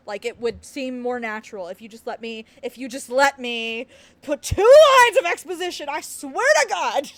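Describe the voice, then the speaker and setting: A young woman giving casual, laughing reaction commentary on a game, animated and self-mocking. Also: sits high. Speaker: game streamer.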